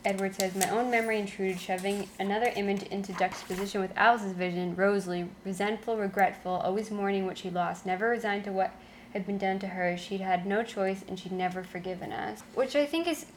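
A woman co-hosts a relaxed podcast and chats casually about a book series. Now and then she reads passages aloud. A faint hiss sits under her voice. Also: medium pitch, brisk. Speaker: podcast co-host. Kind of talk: casual chat.

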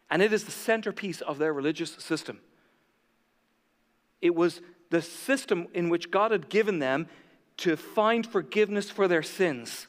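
Male preacher, high voice, lively sermon delivery, long hall reverb. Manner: animated, acts out voices of critics, swings between loud and hushed.

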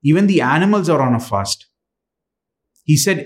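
A man preaching a sermon, earnest and halting, with frequent fillers and restarts. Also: on the high side, expressive.

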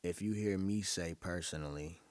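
A man's voice: sits low, moderate pace, a little mellow. A young man from Brooklyn, talking in a loose, rambling, profane monologue to his listeners. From Brooklyn, New York. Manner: loose, profane, rambling storytelling with frequent laughs. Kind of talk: casual monologue.

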